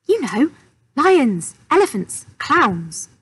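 A woman reading aloud, voicing an excited, stubborn elderly man who whispers in awe and then shouts eagerly. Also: very high-pitched, slow pace, slightly rough, voice pushed up, heavily acted. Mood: eager shouting.

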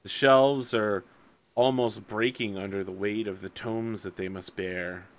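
A man runs a tabletop game, describing rooms and creatures in a relaxed, easy manner. His voice sits on the lower side and is bright and forceful. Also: creaky, slight background noise. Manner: descriptive, relaxed, laughs easily. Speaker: game master.

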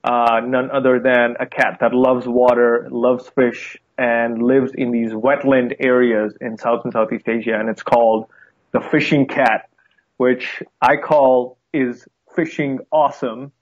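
A man's voice: mid-range voice, flat delivery, unhurried. A young man from India with a lightly Indian accent, a conservationist guest talking casually and enthusiastically about his work from a room at home. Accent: Indian, softened by time in the U.S. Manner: friendly, enthusiastic, with fillers and light laughs. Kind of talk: casual interview talk. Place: home room with a guitar behind him. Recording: tinny phone-like line.

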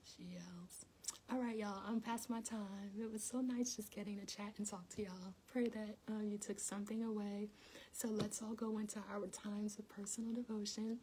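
A woman's voice: medium pitch, flat delivery, moderate pace, dark tone. A middle-aged woman talks casually to her viewers during a morning devotional stream. She tells stories animatedly and laughs often. Her voice sits in a middle range, with a faint hiss behind it. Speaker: devotional livestream host.

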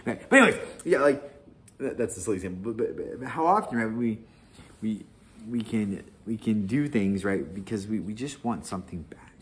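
Laid-back man leading Bible study, low-pitched. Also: animated, moderate pace. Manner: rambling, laughs often, many restarts and "right?". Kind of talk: casual Bible study talk.

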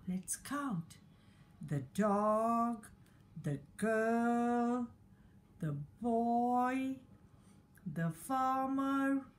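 A woman teacher reading a story aloud to young children, counting along with them in a gentle sing-song way. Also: a little high. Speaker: early years teacher.

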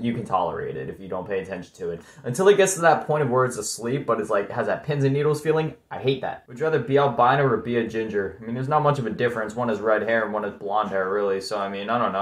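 A man's voice: on the low side, reverberant. A young man chatting casually on his own, answering questions in a rambling, laid-back way. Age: young adult. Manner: rambling, laid-back, says dude and like a lot. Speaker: YouTuber. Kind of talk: casual solo commentary.

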